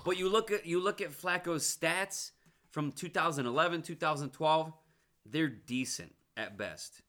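Bright-voiced male sports co-host. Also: fairly high pitch, a little slow, a little hiss or hum. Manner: earnest, stat-driven, swings to passionate outbursts. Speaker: co-host of a sports talk show. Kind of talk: casual sports banter.

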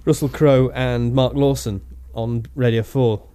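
A man co-hosting a casual podcast, animated and jokey. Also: measured pace, smooth. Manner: animated, bursts into silly high voices. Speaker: podcast co-host. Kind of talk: casual banter.

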